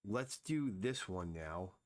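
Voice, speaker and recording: This man's voice sits low, with lively intonation and a slow pace. He's a comic artist streaming his drawing, talking casually, thinking aloud and often mumbling under his breath.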